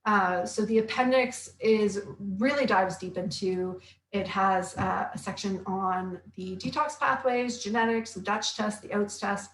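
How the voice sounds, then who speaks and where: With a fairly bright tone, a middle-pitched woman chats cheerfully through a relaxed live stream, reading out comments from viewers and adding quick remarks. She comes across as a health coach and author, and her voice echoes around a roomy space.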